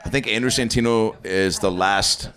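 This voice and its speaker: A man's voice: lowish voice, moderate pace, fairly bright tone. A man doing improvised stand-up on a comedy club stage, loose and laughing, often slipping into exaggerated voices. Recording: live club with crowd noise. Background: audience laughter.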